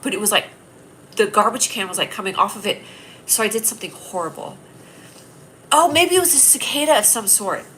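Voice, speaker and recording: A woman's voice: medium pitch, expressive, a little fast, bright, forceful tone, slight background noise, rough recording. A woman hosting a casual livestream, rambling and teasing her viewers, with a stuffy nasal voice. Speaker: livestream host.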